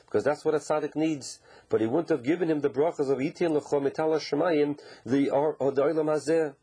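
A man's voice: on the high side, warm tone, breathy edge, rough recording. A man giving an informal Torah lesson, posing questions and then answering them in a conversational, explaining way. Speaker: Torah teacher.

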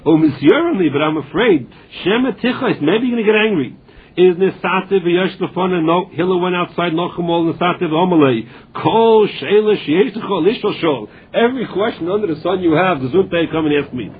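A man's voice: sits high, normal speed, breathy edge, narrow, tinny audio. A man giving a Talmud lesson, retelling stories and translating Aramaic phrases into English as he goes. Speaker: Talmud teacher.

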